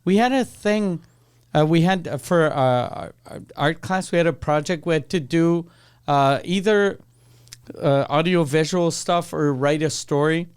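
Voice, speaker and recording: A man co-hosting a casual podcast, telling an animated story about school and laughing along the way. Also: a little high, measured pace, clean tone. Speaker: podcast co-host. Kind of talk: casual chat.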